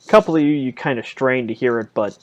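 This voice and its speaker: A man running a tabletop game as game master, narrating in a casual, halting way. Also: mid-range voice.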